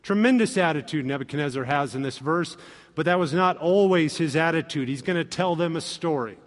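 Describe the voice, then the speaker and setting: Male pastor, high voice, animated sermon delivery, reverberant church sound. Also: fairly quick. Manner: animated, acts out quoted voices with humor.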